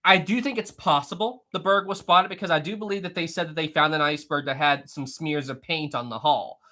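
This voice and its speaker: His voice sits a little high, with a bright, forceful tone. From West Virginia and speaking with a Southern US accent, he hosts a history stream where he chats loosely through viewer comments, joking and quick to laugh.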